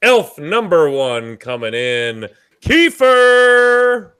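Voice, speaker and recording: Boisterous man hosting, lively pitch. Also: unhurried. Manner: boisterous, joking, swears freely. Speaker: podcast host. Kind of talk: casual live podcast chat.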